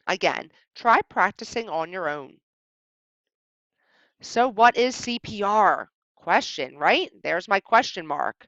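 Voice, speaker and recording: Lively woman teaching a recorded lesson. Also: mid-range voice, dry recording, muffled recording. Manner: expressive, exaggerated pauses at punctuation. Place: indoors at home.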